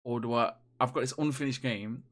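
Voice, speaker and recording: A man co-hosting a casual gaming podcast, telling stories in a rambling, animated way with many restarts. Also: medium pitch, fairly quick. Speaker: podcast co-host. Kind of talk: casual chat.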